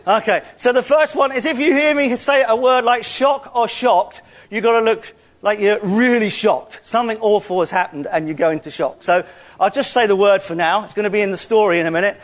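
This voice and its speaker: A man with a high voice leads a church gathering in an interactive sermon. He jokes and teases as he talks to the congregation, and raises his voice to call out across the room. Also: fairly quick. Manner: playful, joking, calls out loudly to the room. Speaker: church speaker.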